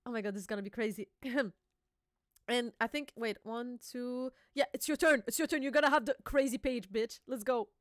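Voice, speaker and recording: A woman hosting a casual reaction chat, excitable, swearing freely and laughing often. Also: fairly high pitch, brisk, dry recording, clean studio sound. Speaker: host.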